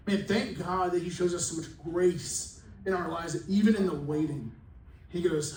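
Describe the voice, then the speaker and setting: A man's voice: sits high, normal speed. A man pastor giving a sermon in a casual, joking, conversational way, acting out quotes. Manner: conversational, jokey preaching with acted-out quotes. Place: church hall. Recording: echoey hall from far off, faint room noise.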